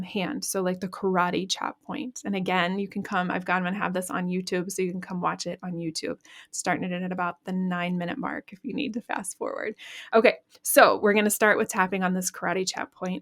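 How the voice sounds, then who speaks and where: A woman coach leads an EFT tapping exercise in a calm, instructive way. She names each tapping point and speaks short affirmations for the listener to repeat after her. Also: mid-range voice. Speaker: podcast host and EFT coach. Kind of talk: guided EFT tapping lesson.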